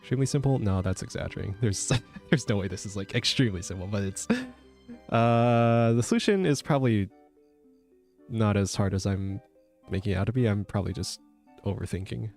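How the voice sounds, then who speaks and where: A man streaming as a VTuber, chatting casually while he codes, joking at his own expense and sometimes breaking into high squeaky yelps. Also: a little fast, creaky, darkish tone, soft background music. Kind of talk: casual chat while coding.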